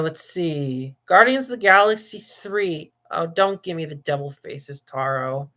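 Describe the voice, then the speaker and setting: Bright-voiced man hosting a livestream. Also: fairly high pitch. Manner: rambling and jokey, with frequent laughs and restarts. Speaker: livestream host. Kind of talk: casual livestream chat.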